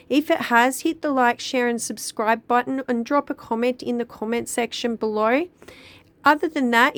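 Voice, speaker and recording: A woman giving a casual, chatty tarot card reading to her viewers, talking at an easy, drawn-out pace. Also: a little high. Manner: chatty, drawn-out, sings song lyrics along. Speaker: tarot reader.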